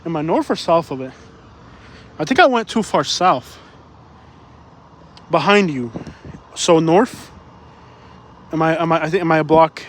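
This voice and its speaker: A man's voice: fairly high pitch, animated, measured pace, long pauses, fairly bright tone, a little hiss or hum. Rambling man streaming while walking. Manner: rambling, repeats himself, reads chat aloud. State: out of breath from walking. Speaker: live-stream vlogger. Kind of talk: casual live-stream walking commentary. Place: outdoors on city streets.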